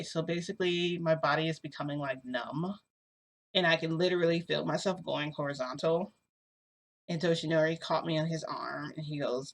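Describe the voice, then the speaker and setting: Rambling, animated woman vlogger. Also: low-pitched, moderate pace. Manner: rambling, animated, lots of fillers and laughs. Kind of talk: casual storytelling vlog. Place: indoors at home under a bright light.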